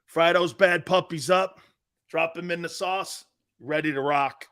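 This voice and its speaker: Middle-aged male sports talk host, brash and bright, ranting casually. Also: a little high, measured pace, smooth. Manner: loud, animated, bantering rants.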